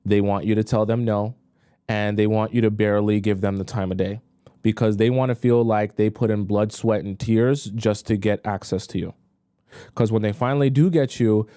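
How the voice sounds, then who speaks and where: Brief: young male dating coach, mellow low voice, dry close sound, blunt livestream talk. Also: dry recording. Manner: blunt, talks straight to women viewers. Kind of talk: livestream commentary.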